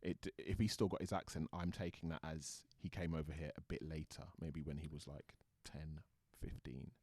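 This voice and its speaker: A man's voice: very deep voice, level tone, normal speed, darkish tone, slightly rough, no echo, studio quality. A British man, an actor guest, chatting thoughtfully in an interview and often restarting his sentences. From Britain. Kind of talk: casual interview chat.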